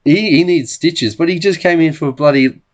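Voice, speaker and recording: A man's voice: fairly high pitch, moderate pace, slight background noise. An Australian man co-hosting a casual podcast, telling a story bluntly and swearing freely. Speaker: podcast co-host. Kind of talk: casual chat.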